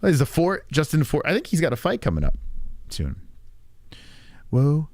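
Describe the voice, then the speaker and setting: A man rambles through a casual livestream chat, crude and joking, his pitch jumping all over as he reacts to chat. The sound is dry and close. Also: huge pitch swings, fast talker, darkish tone, dry recording. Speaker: livestream host.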